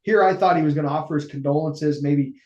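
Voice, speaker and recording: A man's voice: on the high side, quick pace, dull audio. A man, telling a long personal story in a casual interview and acting out the dialogue. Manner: animated, acts out quoted dialogue. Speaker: interview guest, financial services executive. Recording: echoey room.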